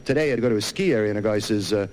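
A man doing stand-up comedy, telling a story with animated delivery and hip slang. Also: fairly low pitch, racing.

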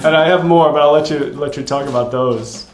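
Thoughtful, halting male interviewer. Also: fairly high pitch, crowd noise. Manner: halting, thoughtful questions with fillers. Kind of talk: radio interview questions. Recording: echoey room, faint noise.

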